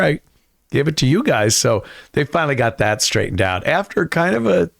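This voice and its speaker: A man's voice: fairly high pitch, sing-song, fairly quick, creaky, fairly bright tone, no room sound. A man as a studio guest in casual podcast chat, rambling, laughing at his own jabs and mimicking others.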